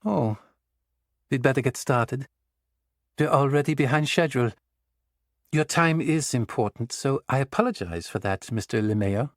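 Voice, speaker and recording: A man's voice: mid-range voice, normal speed, long pauses, dry recording, clean studio sound, voice pushed up, lightly acted. A man voicing a poised, disarming female psychologist in her late thirties in an audiobook. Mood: brisk.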